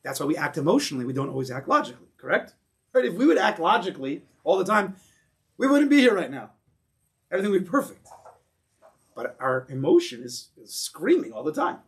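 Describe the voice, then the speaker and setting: Animated American rabbi teaching a class. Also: male voice, on the high side, a little fast. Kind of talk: Torah class lecture. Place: synagogue.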